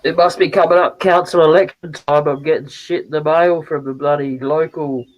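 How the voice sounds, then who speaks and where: A man's voice: a little high, steady tone, normal speed, lo-fi sound. An Australian man, the woodworking channel host, bantering and joking casually in a workshop. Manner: joking, teasing, laughs often.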